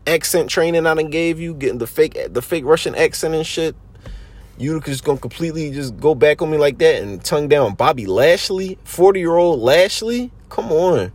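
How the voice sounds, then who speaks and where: A man's voice: a little high, animated, normal speed, a little mellow, voice pushed up. A man putting on the voice of a heartbroken, jilted male wrestler, complaining plaintively. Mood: hurt, complaining.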